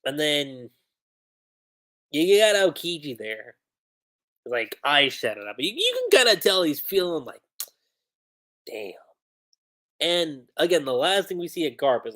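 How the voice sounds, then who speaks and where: A woman streamer chats through a comic review in a loose, slangy way and breaks into laughter often. Her voice sits low but swings widely, which keeps the delivery animated. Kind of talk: casual livestream chat.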